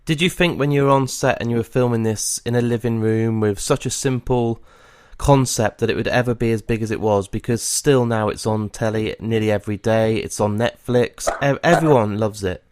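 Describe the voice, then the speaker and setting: A man's voice: medium pitch, moderate pace, a little mellow, clean tone, dry recording, clean studio sound. A man hosting a podcast, chatting casually and reacting enthusiastically. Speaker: podcast host. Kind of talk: casual interview chat.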